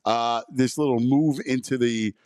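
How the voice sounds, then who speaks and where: A man's voice: mid-range voice, steady tone, a little slow, darkish tone, clear, resonant tone, no echo. A man hosting a sports talk show in a studio, chatting with enthusiasm and heaping on praise.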